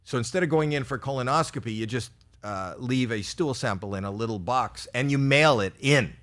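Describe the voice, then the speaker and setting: A man's voice: medium pitch, fairly quick, fairly bright tone. Comic, man, 60s: rambling self-deprecating stand-up, stammery restarts. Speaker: stand-up comedian. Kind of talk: stand-up routine for a virtual audience.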